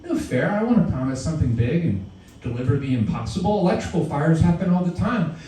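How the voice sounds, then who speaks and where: A man's voice: a little high, animated, fast. Man reading poems, far off in an echoey room. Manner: theatrical, swinging from shouts to murmurs. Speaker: poet. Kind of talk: live poetry reading. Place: reading venue.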